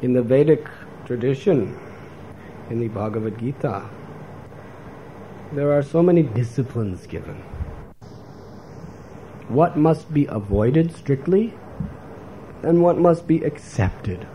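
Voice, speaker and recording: Mellow-voiced man preaching a sermon. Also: mid-range voice, slow, pauses often, low-quality recording. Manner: animated, acts out quoted voices. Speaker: spiritual teacher. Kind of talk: sermon lecture. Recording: faint background noise.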